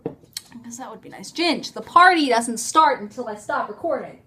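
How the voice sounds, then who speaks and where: A young woman with a high voice talks into her phone camera at home. Her story rambles and is chatty and casual. She breaks off mid-sentence and laughs often. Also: lively intonation, normal speed, sharp tone, slight background noise. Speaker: vlogger.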